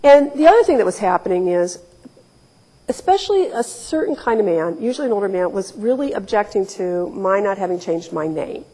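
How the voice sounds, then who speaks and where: Her voice is mid-range, mellow and expressive, moving a little fast as she shares wry, candid stories in a lecture hall. The Ohio woman, in her forties, throws in emphatic quoted asides, all echoing in the reverberant room.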